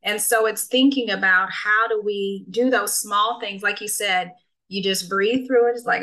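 A woman speaking with a bright, forceful tone, a coach and speaker chatting casually. She leans on key phrases and repeats them to drive them home. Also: medium pitch, normal speed, low-quality recording. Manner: emphatic, repeats phrases for effect. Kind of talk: casual conversation.

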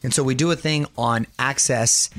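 A man's voice: mid-range voice, fairly even intonation, normal speed, a bit bright. A middle-aged man hosting an entertainment radio show, chatting casually, upbeat and joking.

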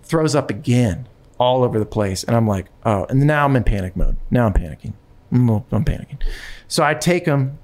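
A man recounts a personal story in relaxed conversation. His delivery is animated, full of stumbles, restarts and repeated phrases as he pushes the story forward. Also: medium pitch, fairly quick. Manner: animated, with frequent restarts and repetitions.

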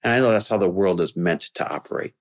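A man hosting a podcast, telling a personal story in an earnest monologue that rises to an impassioned pitch when he makes his point. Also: quick pace. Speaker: podcast host.

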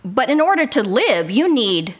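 A woman's voice: fairly high pitch, normal speed, slightly rough. A woman voice actor chatting as an interview guest from her living room, telling stories and acting out quotes. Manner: animated storyteller who acts out quotes. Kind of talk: casual interview chat. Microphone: remote home setup.

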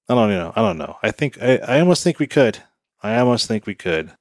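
Man, low voice, podcast host, rambling, hedging, dry close recording. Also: big pitch swings, brisk, dry recording. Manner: rambling, hedging, frequent fillers. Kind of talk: casual podcast chat.

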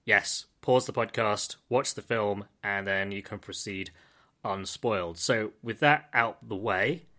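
Bright, dry-witted man. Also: lowish voice, measured pace. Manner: dry, teasing, precise. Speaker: podcast co-host. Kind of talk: casual film review chat.

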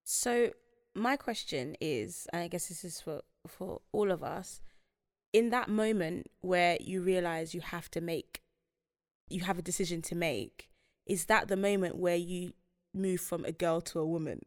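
A woman's voice: lowish voice, unhurried, no echo, clean studio sound. Young woman asking reflective questions. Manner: asks thoughtful questions, hesitant. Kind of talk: casual chat.

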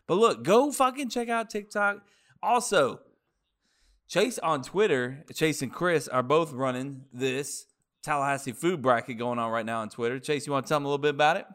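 A man's voice: mid-range voice, moderate pace, a bit bright. A man hosting a casual podcast, wrapping up with loose, profane, rambling plugs. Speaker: podcast host.

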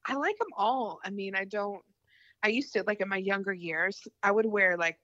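A woman's voice: medium pitch, normal speed, a bit bright, no room sound, highs cut off. A woman as an interview guest, bubbly and giggly, poking fun at herself. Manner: bubbly, giggly, self-mocking. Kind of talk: casual interview chat.

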